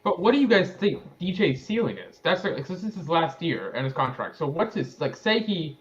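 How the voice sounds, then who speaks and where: A man with a lively, rising and falling voice chimes in with questions. His audio sounds dull and lo-fi next to the others. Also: a little high, fairly quick. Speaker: podcast co-host. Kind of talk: casual sports chat.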